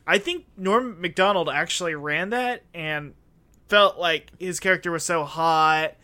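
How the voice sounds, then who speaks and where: A man's voice: a little high, measured pace, bright, forceful tone. A man co-hosting a comedy podcast, spinning an absurd improvised story and laughing often. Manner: laughs often, breaks into silly voices.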